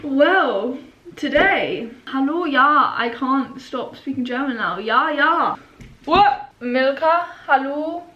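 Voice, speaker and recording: A young Englishwoman with an English accent, vlogging casually at home and slipping into slow, halting beginner German. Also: high-pitched, animated, pushed and bright, highs cut off, a little hiss or hum. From England. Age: young adult. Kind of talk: casual vlog chat. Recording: roomy, echoey room sound.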